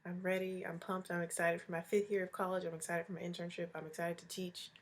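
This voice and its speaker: A young woman in her twenties talks through a casual makeup tutorial at home in the early morning. Her voice sits a little low and sounds congested. She chats in an upbeat, talkative way. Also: level tone, fast talker. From Hawaii. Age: 20s. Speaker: beauty vlogger.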